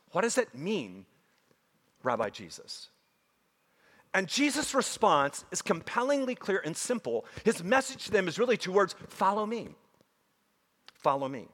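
A man preaching a sermon to a congregation, emphatic and animated, with frequent asides to his listeners. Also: high-pitched. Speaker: pastor. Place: church sanctuary. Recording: long hall reverb.

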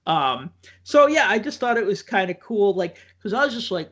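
A man's voice: high voice, very animated, brisk, a bit bright. A man telling a long casual story, full of likes, ums and restarts. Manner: rambling, filler-heavy with many likes and ums.

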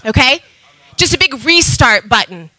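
A woman preaching a sermon with passion, going from loud emphatic calls to soft asides. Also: high voice, sing-song, moderate pace, no room sound, poor audio.

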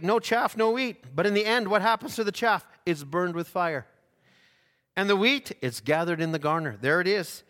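A man's voice: high-pitched, a bit bright, in a large hall. A man preaching a sermon in a fervent way, often stumbling over restarts and repeated words.

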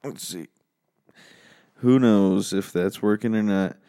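Late at night in his home office, an American man hosts a casual solo podcast. He talks slowly, low and quiet, in a rough voice, laid-back and rambling with frequent swearing.

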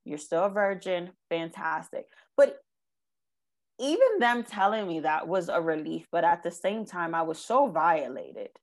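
A young woman giving an emotional personal testimony in an interview, halting and earnest, near tears, with many ums and likes. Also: lowish voice. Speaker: guest sharing her life story.

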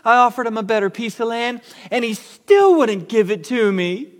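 A man voicing a petulant, sulking king in a high whining voice during a sermon. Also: animated, moderate pace, in a large hall. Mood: whiny. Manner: high whining, self-pitying.

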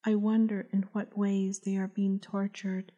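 A woman doing a hoarse, grieving young mother. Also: mid-range voice, level tone, a little slow, dull audio, lightly acted. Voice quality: hoarse loud whisper. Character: grief-stricken young mother, hoarse from crying.

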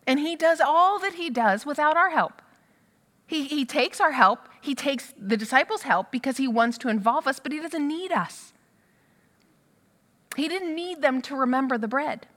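A woman preaching a sermon in a conversational, animated storytelling manner. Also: on the high side, long reverb tail.

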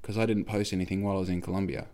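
A man's voice: low voice, little pitch movement, rapid-fire, mellow. A young Australian man telling a rambling story in casual chat, swearing freely and acting out the voices of the people he quotes.

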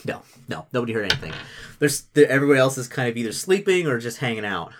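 A man's voice: mid-range voice, big pitch swings, fast, noisy background. A man narrating a tabletop game as its game master. His talk rambles, full of fillers and restarts, and he laughs often as he describes what happens. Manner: rambling, lots of likes and restarts, laughs a lot.

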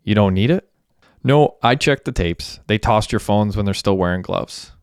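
A man's voice: lowish voice, lively intonation, normal speed, clear, resonant tone, no room sound, clean studio sound. A man voicing a hardened police sergeant. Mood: probing. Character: hardened male police detective, probing.

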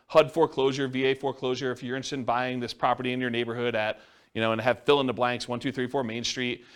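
A man in middle age talks fast through a live class in a meeting room. His delivery is casual and rambling, full of asides and fillers, with a pitch that sits in an ordinary middle range. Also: little pitch movement, clean tone. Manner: casual, rambling, self-described introvert. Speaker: real estate investing instructor. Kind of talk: classroom lecture.

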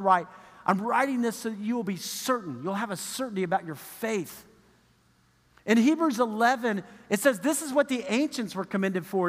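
A man preaching a sermon as pastor, animated and acting out the people he quotes. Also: sits high, in a large hall. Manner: animated, acts out quoted voices, chuckles.

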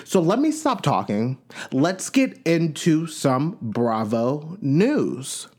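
A man's voice: on the high side, slow pace. Chatty man hosting a gossip podcast. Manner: chatty and animated, reads news aloud with asides. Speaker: podcast host. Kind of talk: casual celebrity gossip commentary.

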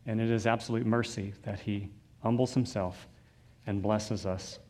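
A man's voice: on the low side, steady tone, moderate pace, a little mellow. Man preaching a sermon. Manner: reads scripture aloud, conversational asides with fillers. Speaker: pastor.

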